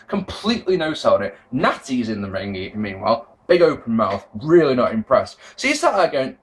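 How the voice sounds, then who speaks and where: A man giving a casual, rambling review of a wrestling show, swearing freely and swinging between loud outbursts and low mutters. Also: wildly swooping pitch, fairly quick, hardly any pauses. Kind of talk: casual video commentary.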